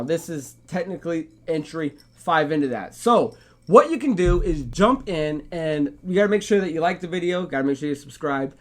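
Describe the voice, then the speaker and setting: A man co-hosting a casual gaming podcast, relaxed and rambling, running the giveaway and sign-off. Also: on the high side. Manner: relaxed, rambling, swears freely. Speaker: podcast co-host.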